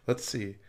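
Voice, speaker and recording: Laid-back man hosting morning radio. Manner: easygoing, laughs often. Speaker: radio morning show host. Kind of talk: casual banter and news reading.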